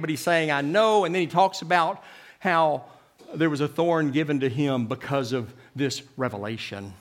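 A man preaching a sermon, swinging from loud, emphatic lines to hushed ones and often repeating his words. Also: a little high.

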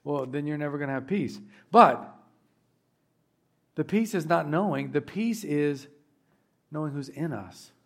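A man delivering a sermon in a church, pitched a little higher than most men. His voice has a gravelly, fried edge. He speaks earnestly and builds to fervent emphasis. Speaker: pastor.

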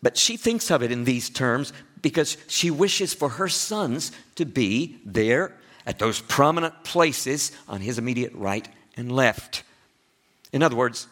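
A man with an East Texas accent preaching a sermon as pastor, chatty and full of questions to his listeners, with big swings in pitch and loudness for emphasis. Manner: conversational, asks the listeners frequent questions.

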